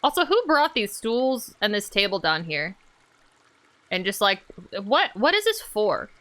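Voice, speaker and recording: A woman's voice: medium pitch, measured pace. A woman streamer giving playful, jokey commentary while she plays a game. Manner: playful and animated, jokey asides. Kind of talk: casual let's-play commentary.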